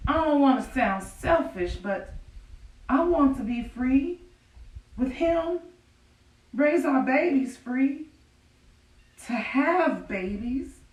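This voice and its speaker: A woman playing a grieving enslaved widow, slow and wry. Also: high voice, darkish tone. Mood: bitter anger. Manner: folksy, confiding, breaks into rueful laughter. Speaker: stage actor in a historical monologue. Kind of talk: theatrical monologue, prayer to God. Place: outdoor performance on a farm. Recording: distant, echoey outdoor stage recording.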